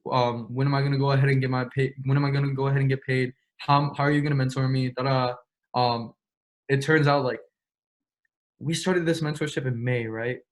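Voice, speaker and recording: A young man speaks as an interview guest, recounting events in loose, slangy talk. He swears freely and acts out both sides of conversations. His voice sits at an ordinary middle pitch. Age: young adult. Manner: slangy, profane, quick retelling with quoted dialogue. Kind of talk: casual storytelling.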